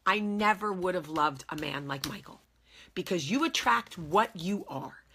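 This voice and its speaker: A woman's voice: mid-range voice, sharp tone, slightly rough. A woman in her forties talking heart to heart with her viewers, earnest and emphatic, often repeating her key phrases. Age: 40s. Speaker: vlogger speaking to her viewers. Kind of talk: heartfelt casual talk to camera.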